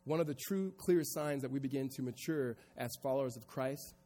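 A male pastor preaching a sermon to a congregation, moving from quiet reflection into loud, emphatic passages. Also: medium pitch, fairly quick, long reverb tail. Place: church hall with congregation.

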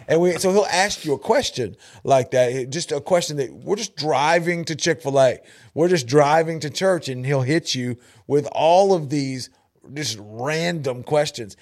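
A middle-aged man, hosting a casual chat and telling animated family stories full of laughter and restarts. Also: medium pitch. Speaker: podcast host.

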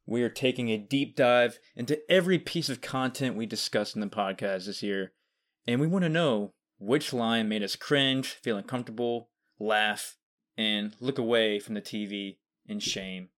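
A man's voice: medium pitch, normal speed, a bit bright. A man hosting a podcast, announcing awards in a matter-of-fact way. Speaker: podcast host presenting awards. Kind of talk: casual podcast chat.

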